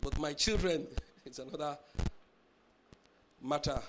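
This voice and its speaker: A man with a Nigerian accent, preaching a sermon and reading scripture in a measured, emphatic way. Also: a little high, background noise. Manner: measured, with emphatic drawn-out phrases. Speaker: pastor.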